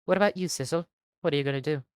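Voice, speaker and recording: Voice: mid-range voice, racing, a little mellow, smooth, faint music behind. A streamer reading a game's dialogue aloud and joking and swearing between lines. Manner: reads characters' lines, then jokes and swears in between. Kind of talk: playing a game and voicing its dialogue aloud.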